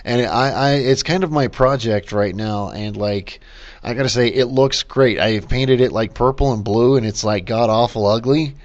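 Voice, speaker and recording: A man's voice: medium pitch, moderate pace, dull audio. A man hosting a casual solo podcast rant, rambling with lots of fillers, restarts and swearing, wired on caffeine. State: caffeinated, talking fast. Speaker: podcast host.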